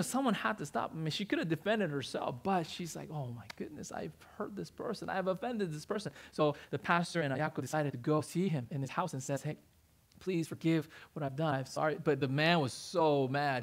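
Guy pastor preaching at church, kinda high voice with lots of fry, tells stories with punch. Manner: storytelling, animated with rising emphasis. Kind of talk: sermon. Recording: church service livestream.

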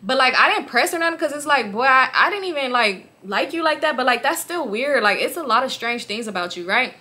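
A young woman from the Los Angeles area tells a story straight to her viewers as a storytime vlogger. Her high voice moves fairly quickly, animated, slangy and full of profanity.

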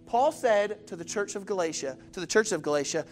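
A man's voice: sits high, expressive, fairly quick, faint music behind. A male pastor preaching a sermon in a direct manner, putting questions to the congregation and acting out the people in his stories. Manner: storytelling, acts out quoted voices. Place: church.

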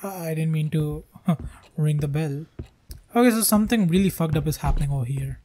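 A man's voice: on the high side, fairly quick, warm tone. A man doing jokey, swearing commentary while playing a horror game. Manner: jokey, swearing, mock-scared. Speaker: gaming streamer. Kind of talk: let's play commentary.

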